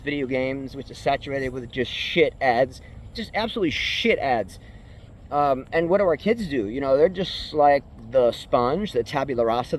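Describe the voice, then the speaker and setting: A man's voice: medium pitch, a little mellow, a little hiss or hum. A man talking in a rambling, earnest way while walking uphill outdoors, a bit out of breath. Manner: rambling, earnest, with fillers and restarts. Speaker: tennis vlogger. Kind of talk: casual vlog monologue. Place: outdoors on a hill.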